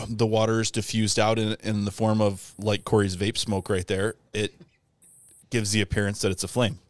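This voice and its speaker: A man's voice: lowish voice, no echo. A man co-hosting a podcast, chatting casually and telling stories with lots of laughter. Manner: animated storyteller, laughs often, does silly voices. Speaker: podcast co-host. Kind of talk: casual chat.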